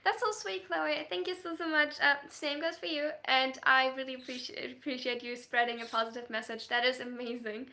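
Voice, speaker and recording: A woman with a high, sharply bright voice chats casually with her livestream audience. She talks in an animated way, breaks into quick laughs, and restarts her sentences as she reacts to her viewers. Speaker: livestreaming story writer.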